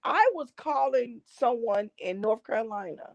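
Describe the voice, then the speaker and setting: Animated high-voiced woman telling a story. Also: measured pace, gravelly, no echo, dull audio. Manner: lively, acts out voices in her stories. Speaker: guest gospel artist.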